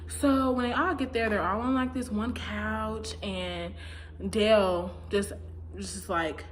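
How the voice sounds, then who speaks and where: A woman's voice: steady tone, slow pace, a little hiss or hum. A woman giving a casual, opinionated recap of a reality dating show, often acting out what people said. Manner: chatty, opinionated, acts out quotes with big pitch jumps. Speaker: recap commentator.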